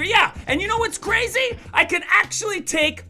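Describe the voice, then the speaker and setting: A man performing a playful, animated magic show for schoolchildren over a video call, teasing and cheering the kids on. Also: very high-pitched, normal speed, few pauses, soft background music. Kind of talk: virtual kids' magic show.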